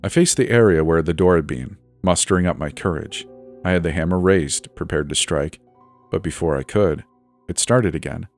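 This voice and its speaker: A man reading a first-person horror story in a measured, suspenseful scripted narration. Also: low-pitched. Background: soft background music.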